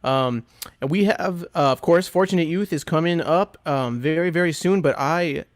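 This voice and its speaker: A man hosting a music podcast talks with eager enthusiasm, his voice smooth and clear. He fills his sentences with ums and asides. The sound is dry and close, with no room echo. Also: fairly high pitch, moderate pace. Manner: chatty, enthusiastic, full of fillers. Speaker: podcast host and record selector. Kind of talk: casual chat.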